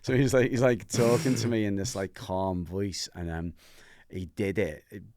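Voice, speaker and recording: A host from Merseyside, telling a candid personal story on a podcast and acting out the voices in it. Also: male voice, fairly low pitch, normal speed, dry recording, clean studio sound. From Merseyside, England. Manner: animated, acts out voices in his anecdotes.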